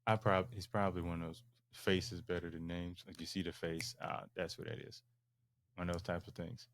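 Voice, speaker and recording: Deep-voiced man hosting a podcast. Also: little pitch movement, moderate pace, dry recording, clean studio sound. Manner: laughing, wrapping up the show. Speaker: podcast host. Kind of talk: casual chat.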